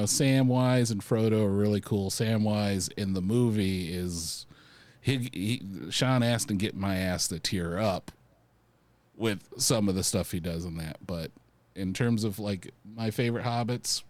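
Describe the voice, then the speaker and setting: A man's voice: fairly low pitch, unhurried, darkish tone, no echo. A man co-hosting a casual podcast chat, rambling and enthusiastic with lots of fillers.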